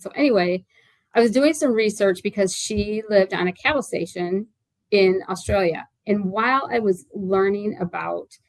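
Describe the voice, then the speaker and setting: A woman's voice: mid-range voice, gravelly, dry recording, low-quality recording. Chatty woman in her sixties, dry sound. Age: 60s. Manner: chatty and rambling, with many fillers and restarts. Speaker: author being interviewed. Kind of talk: casual interview chat.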